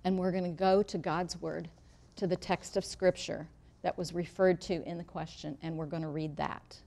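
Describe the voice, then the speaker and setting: A middle-aged woman leads a Bible study for women gathered in a church room. Her voice sits a little low, and she speaks directly to the room in a plain, reassuring way. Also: level tone, normal speed, darkish tone. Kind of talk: teaching talk to a live group.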